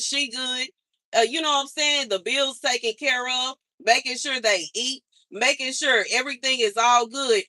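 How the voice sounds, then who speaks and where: A woman's voice: high voice, sharp tone, no echo. A woman livestreaming, venting in an exasperated, slangy way and repeating herself as she complains. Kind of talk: casual livestream rant.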